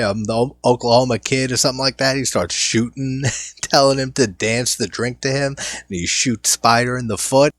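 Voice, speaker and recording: Low-voiced guy gushing about a movie, dry close sound, laughs along as he retells scenes. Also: a bit bright, no echo. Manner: enthusiastic, recounting scenes with frequent laughs. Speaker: film review host. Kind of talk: casual film commentary.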